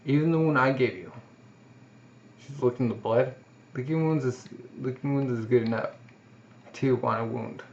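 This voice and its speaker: A man's voice: medium pitch, moderate pace, gravelly, pauses often, slight background noise, close to an everyday voice. A man reading aloud the lines of a tough young female mercenary captain in his own plain voice, in a muffled lo-fi recording. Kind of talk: casual read-aloud of a comic.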